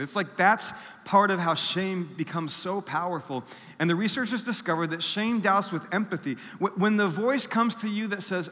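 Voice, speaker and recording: A man's voice: sits high, animated, a little slow, sharp tone. A man preaching a sermon, telling a personal story and acting out the voices of people he quotes. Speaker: pastor. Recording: long hall reverb.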